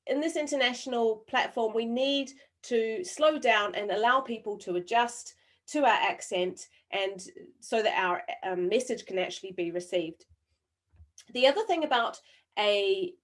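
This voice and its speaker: Leading an online training session over a video call, this webinar presenter speaks in a mid-range voice with a New Zealand accent softened by years living abroad. She talks deliberately, with frequent pauses and fillers, and keeps things engaging by quizzing the audience in the chat.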